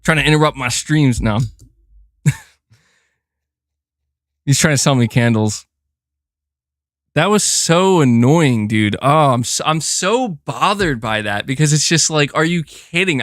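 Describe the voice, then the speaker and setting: A man's voice: fairly high pitch, unhurried, long pauses, dry recording, clean studio sound. A young man streaming from home, chatting casually and ranting with exasperation. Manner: animated, exasperated ranting with laughs. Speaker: gaming streamer. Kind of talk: casual live-stream chat. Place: home room.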